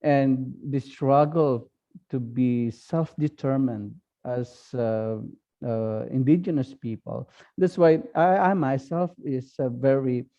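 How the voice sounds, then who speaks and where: A priest with a Filipino accent gives his talk at a slow, halting pace, pausing on fillers. His voice is dark and gravelly. The sound is dull and lo-fi, like call audio. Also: mid-range voice. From Philippines. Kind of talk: online talk.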